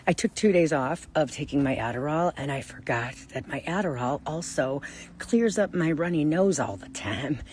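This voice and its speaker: A middle-aged woman with a notably low voice talks casually to the camera in her vlog. She rambles, breaks off mid-thought and restarts, and keeps an easy chatty flow. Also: expressive, moderate pace, darkish tone, slight background noise. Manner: rambling, self-interrupting, chatty. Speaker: vlog host. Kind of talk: casual chat.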